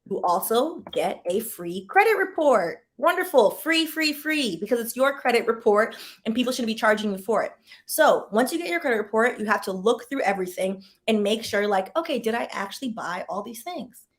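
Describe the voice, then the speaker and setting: A woman with a mid-range voice talks through money advice in a loose, chatty way. She is candid and pokes fun at herself, repeats key words for emphasis and makes quick asides to her viewers. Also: medium pitch, lively intonation. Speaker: former lawyer and channel host. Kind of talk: casual personal-finance advice chat.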